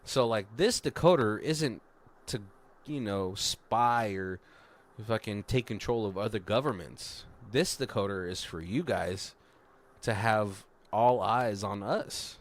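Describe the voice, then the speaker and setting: A man casually retelling a film's plot on a podcast, laughing often and quoting characters in quick voices. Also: fairly low pitch. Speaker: podcast co-host. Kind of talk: casual movie recap.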